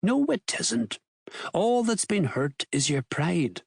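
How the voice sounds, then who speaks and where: A man's voice: sits high, sing-song, slow pace, creaky, breathy edge, no room sound, studio quality, voice pushed up, exaggerated voice. A man playing a cocky, mocking thief. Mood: cool. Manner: cocky, teasing, mock-posh. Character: cocky middle-aged male thief, mocking.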